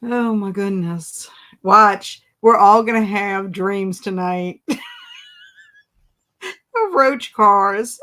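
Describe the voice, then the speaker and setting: A woman's voice: medium pitch, drawn-out words, long pauses, sharp tone. A woman hosting a casual live stream, reading chat comments aloud and breaking into laughing fits. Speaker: livestream host.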